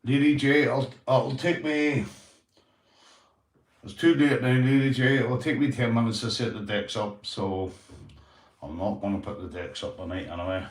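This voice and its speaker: A man's voice: medium pitch, steady tone, normal speed. A man with a Northern Irish accent chatting casually on a livestream, swearing freely and calling everyone mate. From Northern Ireland. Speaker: YouTube livestreamer. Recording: roomy echoey room sound.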